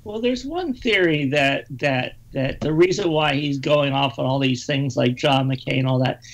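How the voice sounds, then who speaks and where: A man's voice: medium pitch, measured pace, gravelly. A man chatting on a political talk panel, hesitant and repeating words as he builds his point. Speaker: panel guest. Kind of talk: casual political chat.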